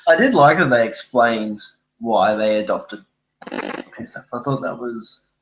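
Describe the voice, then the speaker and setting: A young man with an average-pitched voice, co-hosting a casual film chat and easing into his opinions with plenty of ums. The room around him sounds echoey. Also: lively intonation, a little slow, fairly bright tone, a little hiss or hum. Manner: easygoing, hesitant, many fillers. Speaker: film review podcast co-host. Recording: roomy echo.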